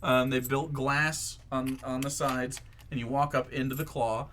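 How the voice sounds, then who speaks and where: A man's voice: mid-range voice, little pitch movement, a little slow, fairly bright tone, a little hiss or hum. A man narrating a tabletop game as game master, casual and profane, with many ums and likes.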